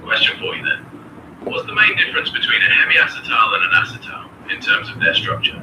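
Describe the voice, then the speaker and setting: A man's voice: very high voice, huge pitch swings, brisk, pushed and bright, reverberant, a little hiss or hum. Polite synthetic male tutor voice, distant. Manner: polite, formal, apologetic. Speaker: AI chemistry tutor. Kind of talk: quizzing a student.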